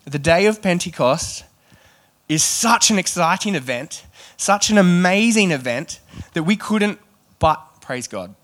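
Male preacher, casual and animated, light self-deprecating humour, slightly higher voice. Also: unhurried. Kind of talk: sermon.

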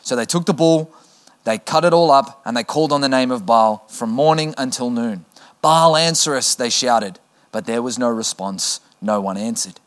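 A man's voice: medium pitch, normal speed. A male preacher reading scripture aloud in a sermon, with casual joking asides to the congregation.

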